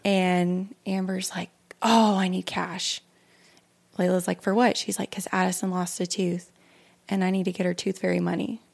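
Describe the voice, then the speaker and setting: A middle-aged woman co-hosting a podcast, telling a story about her kids in a relaxed, matter-of-fact way. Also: fairly low pitch, moderate pace, vocal fry. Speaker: podcast co-host. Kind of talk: casual chat.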